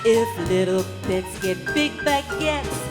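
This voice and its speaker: A woman doing a live cabaret singing impression of a glamorous 1950s screen siren, breathy and coquettish. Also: fairly high pitch, animated, slow, over loud music. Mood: flirtatious.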